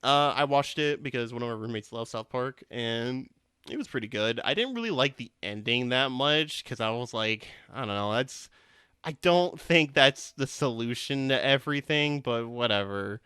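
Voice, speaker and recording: A man's voice: mid-range voice, lively intonation, normal speed, sharp tone, smooth, dry recording, clean studio sound. A young man hosting a casual podcast, rambling with lots of swearing and restarts. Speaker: podcast host.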